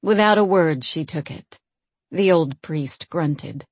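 A woman narrating a fantasy audiobook in a steady, even storytelling manner. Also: low-pitched, slow, slightly rough, dry recording.

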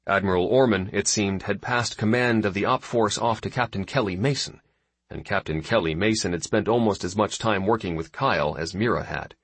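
A man narrating an audiobook in a steady, even storytelling manner. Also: on the low side, a little fast, breathy edge, no room sound. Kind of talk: scripted narration.

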